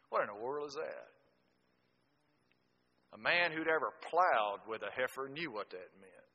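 A preacher with a bright, forceful voice delivers a sermon in folksy storytelling fashion. He swings from loud exclamations to hushed asides. His voice carries a long hall reverb. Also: mid-range voice, sing-song, moderate pace.

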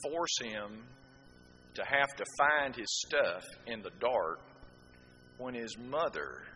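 A man's voice: medium pitch, animated, slow, pushed and bright, long reverb tail, a little hiss or hum, poor audio. A man preaching a sermon, telling folksy stories with rhetorical asides.

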